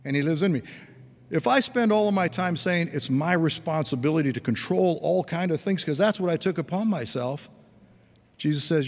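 A man's voice: fairly high pitch, animated, moderate pace, long reverb tail. A man preaching a sermon in an earnest, conversational way, with folksy asides. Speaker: pastor.

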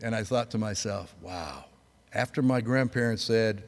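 A man's voice: on the low side, moderate pace. A man in his sixties, preaching a sermon: he rambles through a personal story, then builds to fervent preaching. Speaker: pastor. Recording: long hall reverb.

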